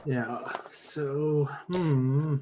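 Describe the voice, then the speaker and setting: A man playing a tabletop game, narrating his turn hesitantly with many pauses and fillers. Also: fairly high pitch, fairly even intonation, noisy background. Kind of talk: casual tabletop play.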